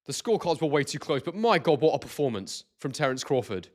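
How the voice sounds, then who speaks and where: A man hosting a live boxing stream, chatty and excitable, reading out viewers' chat messages. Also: a little high, quick pace, hardly any pauses.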